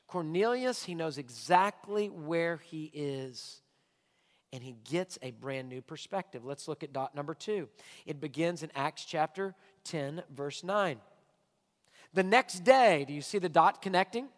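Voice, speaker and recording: A male pastor preaching a sermon with emphatic delivery, swinging from quiet asides to loud, shouted points. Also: fairly high pitch, lively intonation, measured pace, in a large hall.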